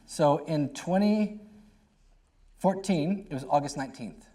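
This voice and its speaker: A middle-aged man speaking on a panel in a conversational way, telling stories with quick asides. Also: fairly high pitch, expressive, warm tone.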